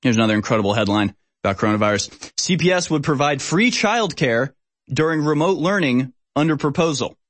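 A man's voice: on the high side, expressive, fairly quick, a bit bright, dry recording. A man hosting a political commentary show, talking in an emphatic, sarcastic way. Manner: sarcastic, emphatic, mocking laughs. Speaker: host.

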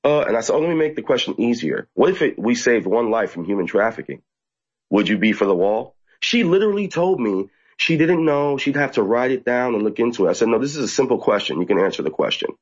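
A man telling an interviewer an animated, excited account, often mimicking people in high, squeaky voices. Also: fast, muffled recording. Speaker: activist guest. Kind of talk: casual storytelling interview.

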